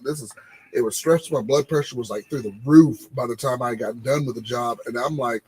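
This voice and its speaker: Husky man telling work stories. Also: medium pitch, a little fast, rough recording. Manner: animated storytelling, repeating phrases. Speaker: podcast co-host. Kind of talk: casual chat.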